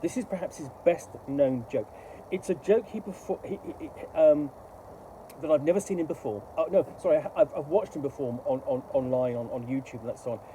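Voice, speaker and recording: A middle-aged man giving casual, rambling, halting commentary while unboxing a book. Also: a little high, mellow, a little hiss or hum, poor audio.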